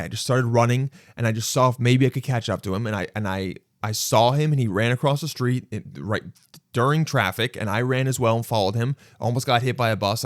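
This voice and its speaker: Man, podcast host, casual storytelling, animated, self-mocking, swears, mid pitch, dry close sound. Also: no echo.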